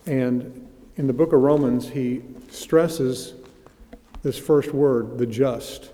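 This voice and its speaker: A man teaching a sermon, reading scripture aloud and slowing down to stress key phrases. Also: medium pitch, steady tone, warm tone. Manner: reads scripture aloud with rising emphasis, slows on key phrases. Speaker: preacher. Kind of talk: expository Bible teaching. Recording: long hall reverb.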